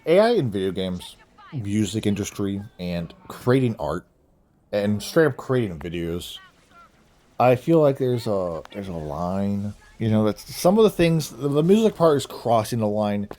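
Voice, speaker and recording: A young man with a fairly low voice that swings up and down a lot as he talks. He rambles through his opinions in a relaxed vlog monologue, often laughing at his own jokes. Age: young adult. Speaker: vlogger.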